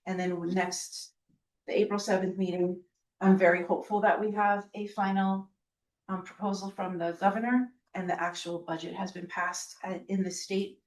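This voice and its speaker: A slightly hoarse woman, a school district official, presenting a budget in measured, explanatory speech with frequent ums. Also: mid-range voice, level tone. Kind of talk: budget presentation at a public meeting. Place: school board meeting room. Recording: roomy meeting room, from a distance.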